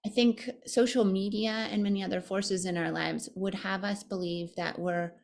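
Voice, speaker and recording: A woman's voice: mid-range voice, steady tone, normal speed, vocal fry. A woman meditation teacher, a guest on an interview podcast, speaking in a thoughtful, earnest way. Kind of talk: conversational interview.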